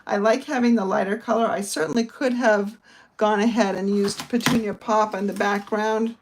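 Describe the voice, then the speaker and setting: A middle-aged woman from the northern United States, a papercraft instructor, chats casually as she explains a card-making project step by step. Her medium-pitched voice is steady in tone at a moderate pace, with a noisy background.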